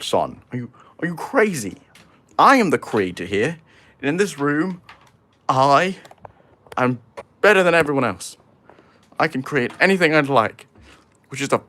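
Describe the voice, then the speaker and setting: A man's voice: a little high, a bit bright, pitched above the performer's own voice. A man voicing a haughty, boastful self-proclaimed creator in a pompous, lordly tone.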